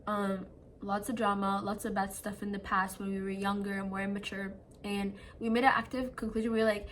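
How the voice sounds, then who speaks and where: Brisk and level in tone, her medium-pitched voice sounds a bit bright against a faint hiss or hum. The young adult vlogger is having an earnest, chatty late-night talk with her phone camera from her seat at home, filling it with "like."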